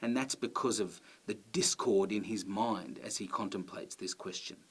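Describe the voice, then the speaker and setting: A man in the role of a teacher, explaining to students in a patient, clear way. He keeps an even, measured pace and reads quoted lines aloud as he goes. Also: on the low side. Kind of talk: educational explainer.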